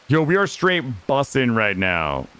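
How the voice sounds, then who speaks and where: A man streaming a game live, talking casually to his chat in an excitable, slangy way and swearing freely. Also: mid-range voice, unhurried, clean tone.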